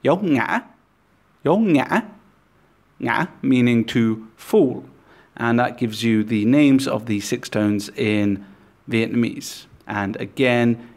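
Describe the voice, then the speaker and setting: Slow, deliberate male language teacher. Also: medium pitch, a little mellow. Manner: slow, deliberate, repeating example words. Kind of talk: scripted language lesson.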